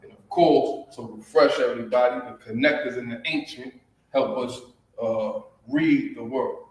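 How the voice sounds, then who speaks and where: A man's voice: mid-range voice, normal speed, distant mic. A man with a Southern US accent teaching a livestreamed class, repeating words and checking in with listeners. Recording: echoey room, voice from off the mic.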